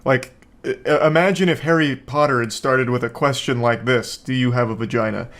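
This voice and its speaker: Man, mid-pitched voice, sarcastic deadpan commentary, casual joking host. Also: normal speed. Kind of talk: comedic commentary on a viral clip.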